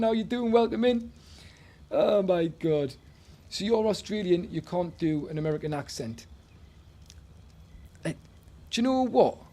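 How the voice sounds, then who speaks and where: A man's voice: high-pitched, darkish tone. A man with a Northern English accent chatting casually on a live stream, greeting viewers and laughing often.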